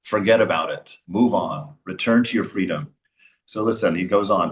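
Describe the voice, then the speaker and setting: A man delivers a spiritual teaching with forceful, exhorting energy. His voice sits low. The room around him rings with noticeable echo. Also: normal speed. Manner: forceful and exhorting, laughs between points. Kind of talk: spoken religious commentary. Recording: roomy echo.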